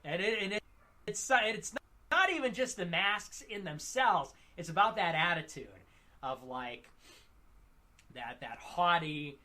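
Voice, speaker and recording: A man with a bright, forceful voice pitched a little high rambles through a monologue. He trips over fillers and restarts his sentences as he goes. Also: animated. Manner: halting, full of fillers and restarts. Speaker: livestream commentator.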